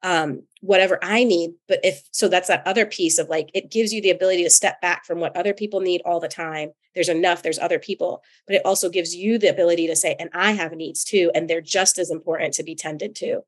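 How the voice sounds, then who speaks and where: A woman from North Carolina co-hosting a podcast as a therapist, telling personal stories in an animated, chatty way with frequent laughter. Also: fairly low pitch, fast, hardly any pauses, breathy edge. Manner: animated, laughs often, chatty with many fillers. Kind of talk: casual chat and personal storytelling.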